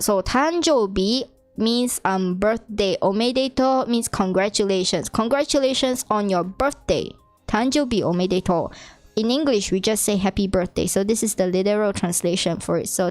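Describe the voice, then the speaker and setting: A woman giving a casual, self-taught Japanese lesson to friends, chatty and quick to laugh, acting out quoted lines in a lifted voice. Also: mid-range voice, dry recording. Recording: dry with faint music behind.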